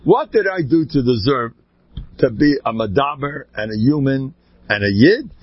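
A man giving an informal inspirational talk full of stories, with an animated delivery that swoops up high and then drops to quiet asides. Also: moderate pace, dry recording. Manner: animated, swooping pitch, sudden quiet drops, laughs between points. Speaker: inspirational speaker. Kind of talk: informal Jewish ethical talk with storytelling. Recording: dull lo-fi dry recording.

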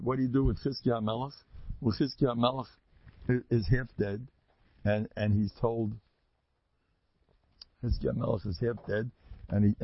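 A man giving an informal, animated Torah talk, rambling and jumping high in pitch to stress his points. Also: creaky, breathy edge, dry recording, highs cut off. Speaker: Torah teacher.

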